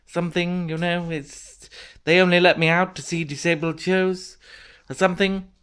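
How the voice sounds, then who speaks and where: A man's voice: high-pitched, level tone, normal speed, fairly bright tone, clear, resonant tone. A man playing a pompous, posh self-styled disability guru with a plummy, theatrical voice, who rambles and loses his thread. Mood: muttering. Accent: posh English. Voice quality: plummy, theatrical, calls everyone darling. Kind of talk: comic character monologue.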